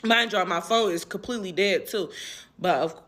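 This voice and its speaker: A woman's voice: medium pitch, normal speed, a bit bright. A young woman telling her own painful story in casual, emotional talk, rambling and repeating herself with many fillers.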